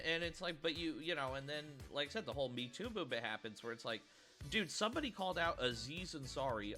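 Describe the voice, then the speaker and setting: A man with a bright, forward voice talks loosely over a clip he is reacting to. He rambles, repeats himself and breaks into laughter, with faint music underneath. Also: mid-range voice. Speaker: reaction video host. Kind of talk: casual reaction commentary.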